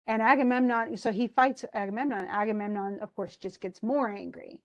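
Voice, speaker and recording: A woman's voice: medium pitch, a little fast, hardly any pauses, lo-fi sound. Give me a chatty, opinionated woman retelling a story as a casual lesson. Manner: chatty, opinionated, uses many fillers. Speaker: teacher retelling a classic epic.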